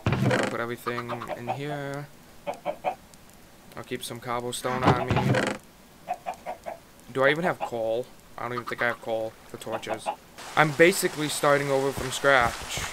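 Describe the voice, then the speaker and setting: A man talks through his game in casual let's-play commentary, sounding frustrated and exasperated. His voice sits at an ordinary pitch. Loud noise runs under the recording. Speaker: gaming YouTuber.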